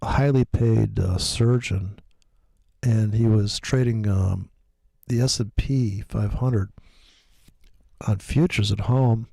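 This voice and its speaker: A man's voice: fairly low pitch, slow pace, gravelly, long pauses, mellow, dry recording. A man talking casually and profanely, telling rambling stories in a loose chat.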